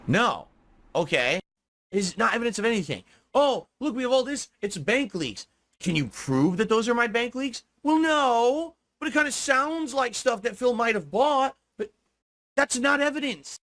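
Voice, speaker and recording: A man's voice: extremely high pitch, sing-song, normal speed, fairly bright tone. A man in a played stream clip, talking casually in a defensive, dismissive, argumentative way.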